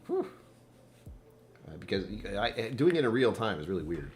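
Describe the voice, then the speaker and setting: A middle-aged man with a deep, low voice, chatting loosely on a home live stream. He rambles, pokes fun at himself and laughs a lot. A faint hum of room noise sits behind him. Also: very animated, normal speed. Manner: rambling, self-deprecating, laughs often. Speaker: whiskey channel host. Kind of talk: casual live-stream chat.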